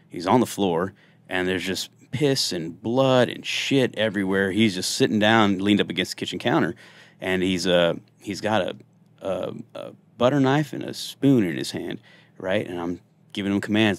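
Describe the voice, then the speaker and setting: A man in his thirties, a singer and former police officer, telling funny stories in a casual podcast interview and acting out the quotes. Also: low voice. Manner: animated, jokey storyteller who acts out quotes.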